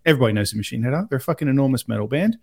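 A man's voice: mid-range voice, animated, very fast, vocal fry, darkish tone, husky, no echo, studio quality. A man from Australia with an Australian accent, co-hosting a podcast in casual chat, swearing freely and laughing often. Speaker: podcast co-host. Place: lives abroad in the US.

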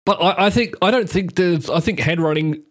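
A man co-hosting a casual podcast, telling stories with lively jumps in his voice. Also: a little fast. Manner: animated storyteller, jumps high when excited. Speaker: podcast co-host. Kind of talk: casual chat.

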